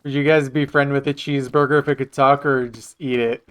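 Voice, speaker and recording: A man's voice: mid-range voice, flat delivery, brisk, a bit bright, smooth. Joking male game streamer. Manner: joking, chatting with viewers. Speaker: livestreamer. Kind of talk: casual gaming livestream chat.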